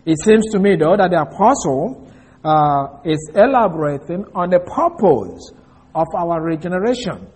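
Husky high-voiced man preaching a sermon. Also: sing-song, darkish tone. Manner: slow, deliberate emphasis on key words. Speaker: pastor. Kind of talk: expository sermon.

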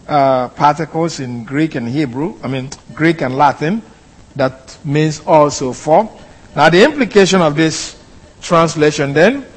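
Male Bible teacher, slightly high voice, unhurried, methodical delivery, reverberant hall. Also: husky. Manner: deliberate, explanatory, with pauses and fillers. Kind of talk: slow expository Bible lesson.

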